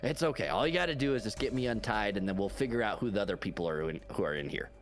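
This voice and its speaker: A man playing a tabletop game, improvising in character, exasperated and trying to keep someone calm. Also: lowish voice, racing. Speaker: player.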